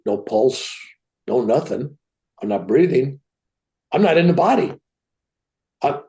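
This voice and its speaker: A man in his seventies, a guest telling a personal story in an animated way, often tagging his sentences with "right?". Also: mid-range voice. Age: 70s. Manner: animated, tag questions like "right?".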